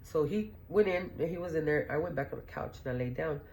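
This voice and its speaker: A woman's voice: low-pitched, animated, fast, darkish tone, slight background noise. A middle-aged woman hosting a podcast, telling stories in a blunt, profane, rambling way and laughing as she goes. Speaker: podcast host. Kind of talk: casual storytelling monologue.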